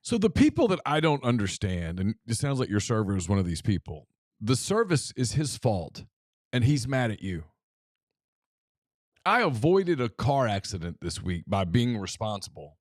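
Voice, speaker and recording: A man's voice: dry recording, studio quality. A male co-host in a casual chat, acting out the exchanges in his stories. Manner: animated, acts out quoted exchanges with rising pitch.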